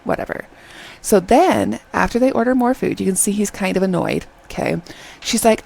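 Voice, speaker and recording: A woman recounts a drama's opening scenes in a chatty, animated review, checking in with her viewers as she goes. Her voice is strongly gravelly with a husky, breathy edge. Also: medium pitch, moderate pace, rough recording. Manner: chatty, animated retelling, keeps asking "okay?". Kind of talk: casual video review.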